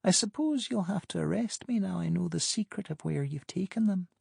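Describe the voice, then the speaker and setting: A woman's voice: on the low side, animated, a little fast, vocal fry, a little mellow, breathy edge, no room sound, clean studio sound, pitched above the performer's own voice, full character voice. A man voicing a woman on the phone who teases in a lightly amused way. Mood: teasing. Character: warm teasing woman on the phone.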